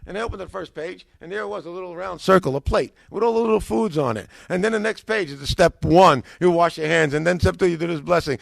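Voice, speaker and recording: An older man telling his own life story in a lively way, acting out the dialogue and often restarting his sentences. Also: high voice, fairly quick, vocal fry, few pauses, no room sound. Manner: acts out quoted dialogue, excitable, restarts often. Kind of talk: animated personal storytelling.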